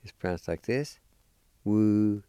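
A man teaching a language lesson, spelling and pronouncing words syllable by syllable in a deliberate, patient way. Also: fairly low pitch, vocal fry, dark tone, dry recording.

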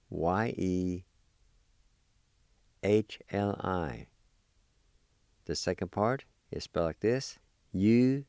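A man's voice: low-pitched, warm tone, smooth, dry recording, studio quality. A man teaching a language lesson, carefully spelling out and repeating words for learners.

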